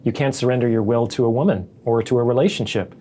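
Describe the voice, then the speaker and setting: A man hosting a casual podcast conversation, talking in a reflective, measured way. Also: mid-range voice, warm tone, a little hiss or hum.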